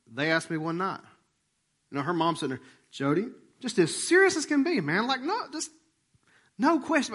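Animated storytelling pastor, a man. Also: a little high. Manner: animated and conversational, acts out remembered dialogue; drops to a hushed voice for tender moments. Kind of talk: storytelling sermon.

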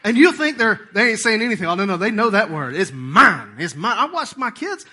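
A man's voice: extremely high pitch, big pitch swings, quick pace, bright, forceful tone. A man, preaching a sermon as pastor in a folksy, joking way, often slipping into playful voices.

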